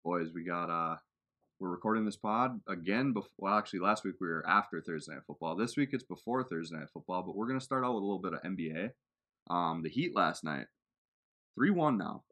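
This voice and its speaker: A man's voice: sits low, expressive, brisk, sharp tone. A man hosting a casual sports podcast, talking in a laid-back, rambling way with plenty of fillers. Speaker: podcast host.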